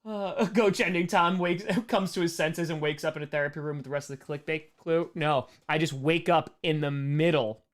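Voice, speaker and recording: A man's voice: on the high side, fairly even intonation, normal speed, hardly any pauses. A man hosting a casual live-stream Q&A, reading chat messages aloud and answering with playful jokes and frequent laughs.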